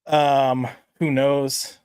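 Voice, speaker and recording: A man's voice: medium pitch, flat delivery, drawn-out words, darkish tone, smooth, no room sound. A man co-hosting a casual podcast, chatting in a rambling way with lots of fillers and reading out live chat comments. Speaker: podcast co-host.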